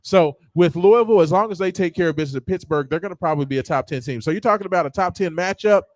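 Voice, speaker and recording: A man talks sports in a lively, casual way. He tells stories with excitable energy. The sound is dry and close to the mic. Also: high voice, very fast, dry recording. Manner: lively, excitable storyteller, animated impressions. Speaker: sports show host.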